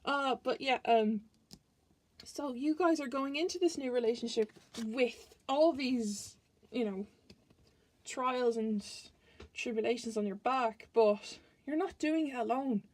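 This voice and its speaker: A woman's voice: on the high side, unhurried. Chatty woman giving a tarot reading. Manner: chatty, rambling, restarts sentences. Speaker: tarot reader.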